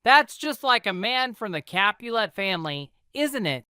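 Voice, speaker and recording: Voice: medium pitch, sing-song, normal speed, sharp tone, smooth, no echo, clean studio sound, voice pushed up. A reader voicing a quarrelsome man taunting a rival family, in a storybook reading for English learners. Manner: taunting, insulting.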